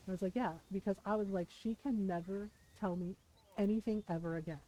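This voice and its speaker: Middle-aged woman streaming a game, storytelling candidly with plenty of profanity and laughter; warm, mellow tone. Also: mid-range voice, brisk, slight background noise, poor audio. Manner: frank storytelling, swears often, laughs between lines. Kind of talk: casual gaming stream chat.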